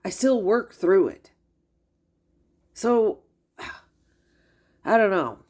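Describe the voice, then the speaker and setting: A woman's voice: medium pitch, sing-song, extremely slow, a little mellow. A middle-aged woman giving gossipy reaction commentary, incredulous and chatty. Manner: incredulous and gossipy, with frequent sighs and laughs. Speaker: commentary streamer.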